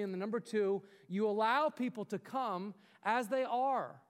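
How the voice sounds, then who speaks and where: A man's voice: high voice, normal speed, in a large hall. A man preaching a sermon as pastor, earnest and exhorting, with many rhetorical questions to the congregation.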